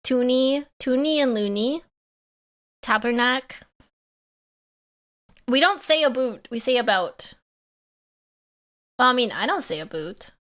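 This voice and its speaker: A Canadian woman streaming live, her voice a little high and very bright. She talks unhurried and playful, giggling and bantering back at her chat. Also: animated.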